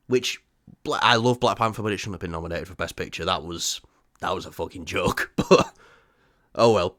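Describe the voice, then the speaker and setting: A man's voice: low-pitched, normal speed, a bit bright, dry recording, clean studio sound. A man co-hosting a casual movie news chat, teasing his partner and swearing freely. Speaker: podcast co-host.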